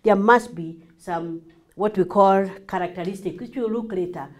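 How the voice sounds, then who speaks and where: A woman with a Kenyan accent teaching a class as a marriage coach, acting out lively examples and slipping in Swahili. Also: mid-range voice, moderate pace. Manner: animated, acts out examples, mixes in Swahili.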